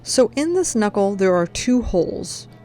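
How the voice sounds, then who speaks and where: A woman's voice: medium pitch, sing-song, measured pace. A woman chatting casually in a car repair vlog, rambling with jokey asides. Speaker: DIY car repair vlogger. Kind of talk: casual chat. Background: background music.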